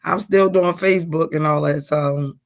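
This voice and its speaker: A woman in her forties hosting a casual live-streamed chat, telling stories in an animated, chatty way. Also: deep voice, normal speed. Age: 40s.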